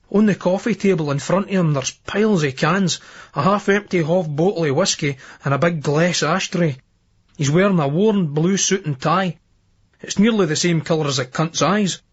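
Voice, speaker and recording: A Scottish man reads a novel aloud in first person, crude and dialect-heavy. His voice is husky and a touch high. The recording sounds dull and lo-fi. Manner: crude, coarse dialect storytelling. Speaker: audiobook narrator.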